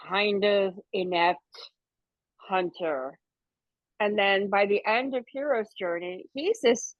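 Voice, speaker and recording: A woman speaks with eager enthusiasm and firm emphasis on a casual fan panel. Her voice sits in a middle pitch. The sound is dull and dry, with no room echo.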